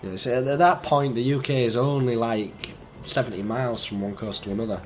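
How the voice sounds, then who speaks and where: A young man with a croaky, sick-sounding voice, rambling easily through game commentary. His pitch sits mid-range. A faint hiss of noise runs underneath. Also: steady tone, a little fast. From England. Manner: rambling, chatty, easygoing. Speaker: gaming YouTuber. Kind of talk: rambling let's-play commentary.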